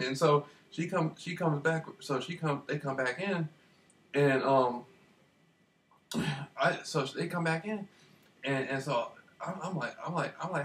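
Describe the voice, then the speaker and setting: A man telling a rambling personal story in a casual monologue, repeating himself and getting animated as he retells it. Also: a little high, normal speed. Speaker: vlogger. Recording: distant mic with faint background noise.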